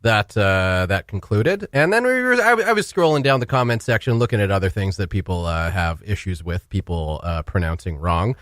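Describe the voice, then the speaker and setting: Lively-voiced man bantering on radio. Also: sits low, a little fast, few pauses, no room sound, clean studio sound. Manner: lively, laughs easily, argues good-naturedly. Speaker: radio co-host. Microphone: studio microphone.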